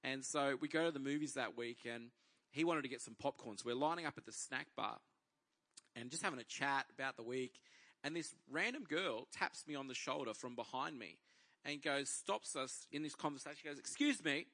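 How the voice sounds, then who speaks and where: An Australian man preaches with a bright, ringing voice. He tells a personal story in a lively way and voices the people in it as he goes. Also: mid-range voice, a little fast. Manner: lively storyteller acting out dialogue. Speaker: pastor. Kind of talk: sermon storytelling.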